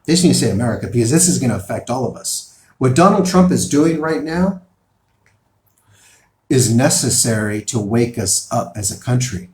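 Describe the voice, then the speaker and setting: A man's voice: mid-range voice, animated, moderate pace, a little mellow, reverberant. Emphatic man giving political commentary. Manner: emphatic, rising and falling in bursts. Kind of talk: opinion commentary reading news articles.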